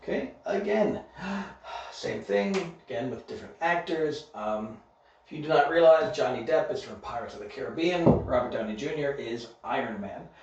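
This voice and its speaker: A man teaching English grammar in a recorded online lesson, speaking slowly and deliberately and checking in with "okay?" after each point. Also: medium pitch, lively intonation, a little mellow, slight background noise. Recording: very echoey room, distant mic, dull sound.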